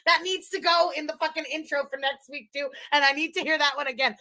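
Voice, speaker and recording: A woman's voice: high-pitched, big pitch swings, moderate pace, long pauses, bright, forceful tone. A woman doing profane, mocking reaction commentary, ranting at the clips she plays. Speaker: commentary streamer.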